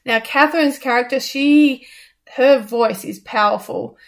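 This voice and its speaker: A woman's voice: sits high, measured pace, creaky. Chatty woman reviewing a show. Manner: hesitant, many ums and restarts. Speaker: radio co-host reviewing a musical. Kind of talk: casual review chat.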